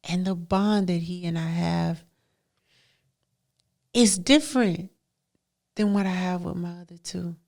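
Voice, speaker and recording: Low-voiced woman podcasting from the heart. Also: measured pace, creaky, pauses often, a little mellow. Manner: emphatic, repeats encouragement, laughs often. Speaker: podcast host. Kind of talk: heartfelt solo podcast monologue.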